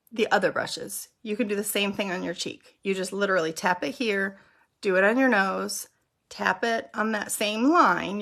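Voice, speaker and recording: A woman's voice: mid-range voice, vocal fry, fairly bright tone. A middle-aged woman hosting a makeup tutorial, explaining each step in a casual, chatty way as she applies it. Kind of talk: casual how-to demonstration.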